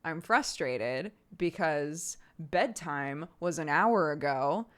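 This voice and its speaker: This live stream host, a woman in her thirties, has a low, expressive voice and takes her time. Her casual chat to viewers is frank and self-deprecating, with frequent laughter and acted-out exasperated outbursts.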